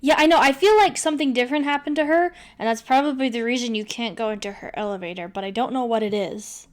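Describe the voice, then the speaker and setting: A woman's voice: a little high, quick pace. Laughing, chatty woman streamer. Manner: laughs often, chatty and excitable. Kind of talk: casual let's-play chat.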